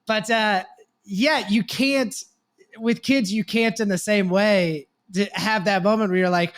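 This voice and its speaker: A man hosting a casual podcast, telling animated stories about his kids and swearing offhandedly. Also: high-pitched, unhurried. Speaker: podcast host.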